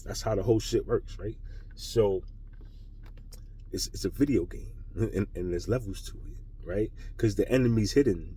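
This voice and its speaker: A man's voice: medium pitch, husky, recorded from a distance. A man talking straight to his audience in an unscripted spiritual rant. He rambles and swears, preaching and constantly checking in with "right?" and "you understand?". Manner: grows louder and more heated as he goes. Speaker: channel host.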